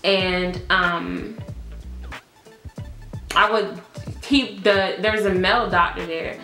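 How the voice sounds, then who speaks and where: A woman's voice: medium pitch, steady tone, slow pace, sharp tone, reverberant, faint music behind. A woman, telling a casual storytime as a vlogger, chatty and laughing, full of "like" and "y'all". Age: early 20s.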